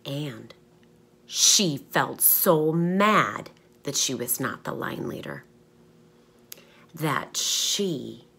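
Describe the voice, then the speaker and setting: Woman teacher, slow and lively storytelling, husky, bright tone. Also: a bass voice. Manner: asks the children questions and pauses for answers. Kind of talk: storytelling lesson for young children.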